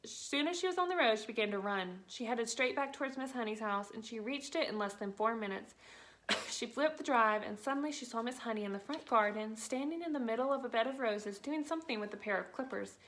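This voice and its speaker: A woman narrating a children's book aloud with steady, clear storytelling. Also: a little high, brisk.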